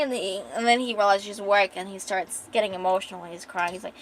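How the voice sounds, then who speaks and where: A woman's voice: mid-range voice, fairly quick, hardly any pauses, a little hiss or hum, poor audio. A woman casually retelling a story on a cozy stream, chatty, laughing often and swearing now and then.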